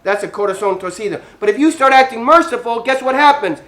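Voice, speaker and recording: A man teaching a children's Bible lesson as a priest, animated, acting out scenes and dropping Spanish words into his English while quizzing the kids. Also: very high-pitched, quick pace.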